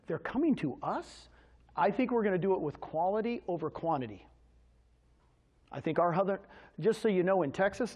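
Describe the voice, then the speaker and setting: At a real estate agents' meeting, a man gives an energetic, motivational sales presentation, quizzing listeners with questions. His voice is fairly high and slightly rough, and the audio has its highs cut off.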